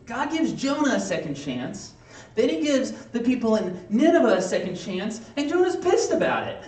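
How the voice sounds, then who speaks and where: A man preaching a sermon in a casual, conversational way, acting out quick playful asides. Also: high-pitched, very animated, a little mellow. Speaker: pastor. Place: church sanctuary. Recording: echoey room, mic from a distance.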